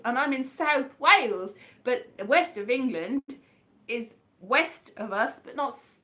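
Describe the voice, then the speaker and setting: Bright rambling West Country woman. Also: a little high. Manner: rambling, self-deprecating, chatty. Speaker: comedian hosting a livestream. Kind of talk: casual livestream chat.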